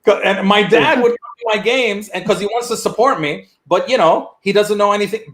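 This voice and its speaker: A man performing a stand-up comedy set online, telling animated stories and mimicking his immigrant father. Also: high-pitched, a little fast. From United States. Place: virtual event, video call.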